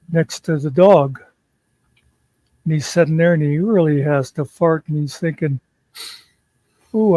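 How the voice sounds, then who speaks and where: A man's voice: a little high, mellow, dry recording. A man co-hosting a casual chat, telling a long joke in a leisurely storytelling way. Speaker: co-host.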